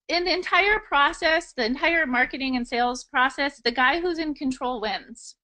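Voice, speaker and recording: A woman sales agent who speaks with confident, crisp control, running a phone script and discussing it. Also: sits high, sharp tone. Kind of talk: demonstrating a sales call, then discussing.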